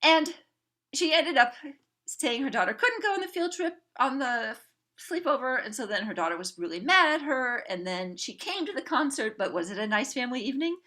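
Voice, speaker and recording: A woman coaching parents, telling a family story to a group in an animated way and acting out the people in it. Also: high-pitched, moderate pace. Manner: animated, acts out quoted family members.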